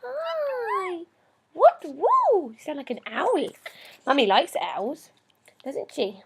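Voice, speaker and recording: High sing-song woman cooing at her pet. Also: huge pitch swings, slow pace. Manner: high sing-song coos and squeals at the bird. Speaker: pet owner filming her parrot. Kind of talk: casual baby talk to a pet. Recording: noisy home video.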